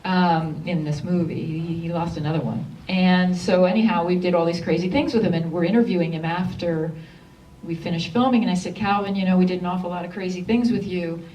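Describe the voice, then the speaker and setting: A woman's voice: on the low side, brisk. Woman writer telling funny stories at a theater q&a, a bit distant from the mic, faint hum behind. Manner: animated storyteller, acts out quotes. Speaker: screenwriter. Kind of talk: Q&A storytelling on stage. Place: cinema theatre. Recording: far from the mic.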